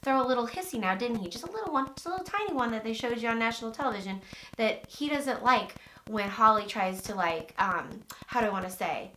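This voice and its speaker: Woman, sarcastic, opinionated, casual recap chat, bright voice, echoey room. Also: on the high side, lively intonation, brisk, slight background noise. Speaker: podcast co-host.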